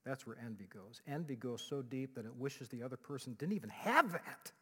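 A male pastor preaching a sermon in an animated way, dropping to a hush and rising loud again. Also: mid-range voice, fairly quick, slightly rough. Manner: animated, swings from loud to hushed, acts out quotes. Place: church sanctuary. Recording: long reverb of a church hall.

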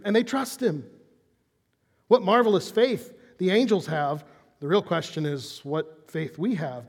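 A man with a high-pitched voice delivers a sermon from the pulpit. He moves between lively storytelling and quiet, earnest emphasis. His voice trails off into a long hall reverb. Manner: animated storytelling, dropping to soft intensity on key points. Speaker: pastor.

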